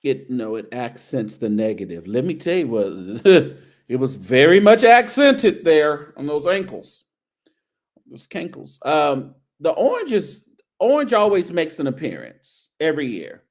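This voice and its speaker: A man's voice: on the high side, very animated, unhurried. A male show host giving casual, teasing commentary on outfits, sprinkling in churchy phrases. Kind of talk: casual fashion commentary on a video.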